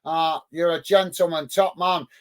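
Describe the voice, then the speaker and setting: High-voiced football watch-along host. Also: male voice, fairly even intonation, a little slow. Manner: upbeat, thanks chat viewers warmly by name. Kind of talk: live match commentary and chat reading. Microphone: close mic on a headset.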